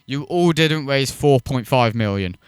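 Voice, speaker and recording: A man's voice: medium pitch, animated, unhurried, smooth, dry recording. A man hosting a reaction video, mocking and swearing as he rants in scornful commentary.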